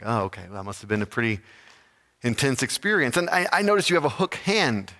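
Man doing a confused office manager, kinda hesitant, bright voice, echoey hall. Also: mid-range voice, sing-song, a little fast. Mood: puzzled. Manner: hesitant questioning. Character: polite, puzzled male hiring manager.

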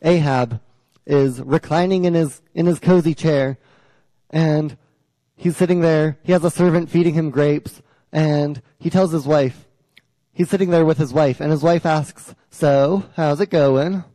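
A young man delivers a sermon, first reading scripture and then retelling it in plain, casual storytelling. His voice sits a little high but sounds warm and soft. The sound is close and dry, with no room around it. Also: fairly even intonation, unhurried, dry recording, long reverb tail, low-quality recording. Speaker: preacher.

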